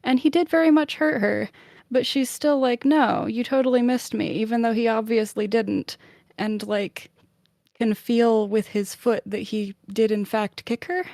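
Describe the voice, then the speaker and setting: A woman with a fairly high voice retells a novel chapter for a book club podcast. She talks in a chatty, animated way, full of "like" and quick asides. The sound is dry and close, with little room tone. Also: no echo. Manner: chatty, lots of "like", animated summarising.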